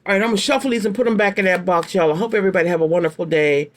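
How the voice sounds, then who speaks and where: A woman in her late fifties talks straight to her viewers as she reads tarot cards. She speaks bluntly and chattily and circles back to her key phrases, with slangy, down-home wording and a pitch in the middle range for a woman. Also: rapid-fire. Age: 50s. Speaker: tarot card reader. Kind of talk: casual tarot reading to viewers.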